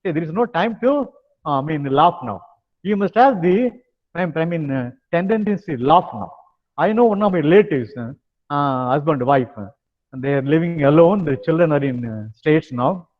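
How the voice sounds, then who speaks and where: An older man with a Tamil accent leading a stress management lecture, tagging phrases with "now" and pausing on hesitant fillers. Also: fairly high pitch, expressive. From India. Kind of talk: lecture with guided exercises. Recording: dull sound with long hall reverb.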